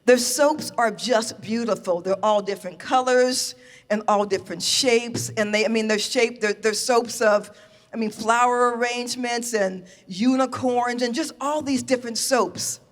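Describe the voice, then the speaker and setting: American woman telling a funny true story on stage, kinda high voice, lots of laughing, hall reverb. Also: unhurried. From United States. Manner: animated and laughing, acting out her own reactions. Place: stage in a venue.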